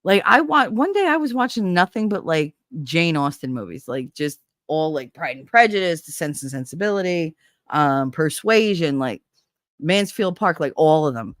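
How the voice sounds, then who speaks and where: In studio-quality audio with no room sound, a woman hosts a casual livestream, chatting, joking and reading out viewer comments. Her low voice moves with lively intonation at a normal pace, and a stuffy nose makes it sound nasal.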